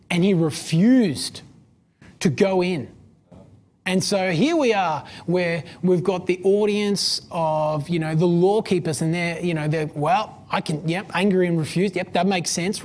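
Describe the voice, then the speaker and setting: A woman's voice: lowish voice, darkish tone. A woman preaching a sermon in a conversational way, using many fillers and asking questions of her listeners.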